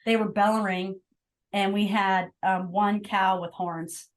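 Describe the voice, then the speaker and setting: A woman's voice: medium pitch, measured pace, rough recording. A middle-aged woman, a guest and rancher mother, telling a story casually and chiming in with short agreements. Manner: lively, chimes in with short agreements.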